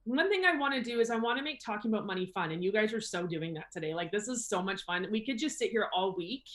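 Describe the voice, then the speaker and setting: A woman guest on a casual podcast, talking about money in a lively way and acting out her own thoughts. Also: mid-range voice, fast. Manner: lively, acts out her own inner talk. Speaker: guest business consultant.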